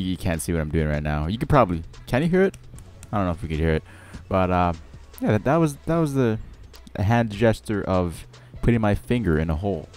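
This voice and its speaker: A man's voice: sits low, darkish tone. Sarcastic young man ranting. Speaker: channel host. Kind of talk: storytelling over gameplay.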